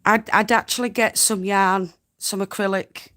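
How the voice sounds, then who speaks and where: A woman's voice: mid-range voice, steady tone, unhurried, a bit bright. A woman from North Yorkshire with a Yorkshire accent, giving homely, chatty spinning tips as host of a live stream and laughing often. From North Yorkshire, England. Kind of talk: casual live-stream tutorial chat.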